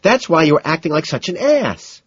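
A man's voice: on the high side, wildly swooping pitch, takes it slowly, highs cut off, slight background noise, voice pushed up, exaggerated voice. A man putting on a whiny rich young woman. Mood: wailing. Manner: whining, exasperated, melodramatic. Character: whiny, high-strung wealthy young woman. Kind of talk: audiobook character voice.

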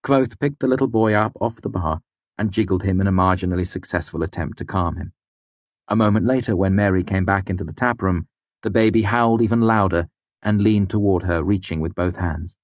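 Male audiobook narrator, very low voice, dry close recording, measured delivery. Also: no room sound. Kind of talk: scripted narration.

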